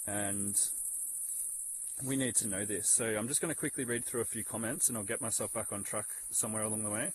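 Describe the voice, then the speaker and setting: A man's voice: fairly low pitch, steady tone, brisk, a little hiss or hum, rough recording. A man delivering an impassioned, preachy monologue to his followers, swearing and repeating himself to drive points home. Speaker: social media commentator.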